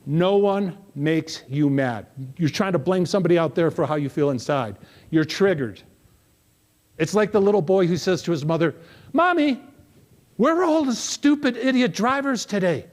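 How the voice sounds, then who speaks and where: A man's voice: on the high side, moderate pace. A middle-aged man giving a live motivational keynote, telling stories animatedly and asking the audience questions. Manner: animated storytelling, asks the crowd questions. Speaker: motivational speaker.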